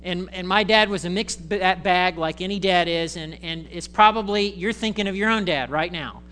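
A male pastor giving a conversational, animated sermon in church, acting out voices. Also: high voice, moderate pace, slight background noise.

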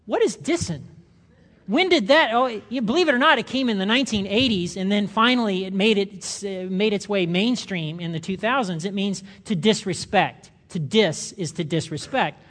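An older man preaching a sermon, animated, acting out the voices of the people he quotes. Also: sits high, moderate pace. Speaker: pastor.

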